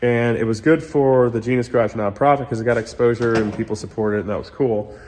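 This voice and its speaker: A man's voice: mid-range voice, fairly even intonation, fast, a little mellow. Man, car vlog host, rambly and candid, chatting to viewers in his shop, under the weather. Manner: candid, rambling, talks to viewers as "you guys". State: sick. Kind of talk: casual vlog walkthrough.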